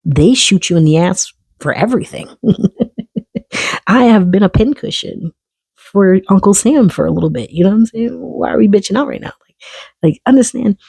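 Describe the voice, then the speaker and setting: Gravelly, husky man telling a story. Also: high-pitched, normal speed, dry recording. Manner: profane, candid and animated. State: early on testosterone. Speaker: vlogger. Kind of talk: casual storytelling monologue.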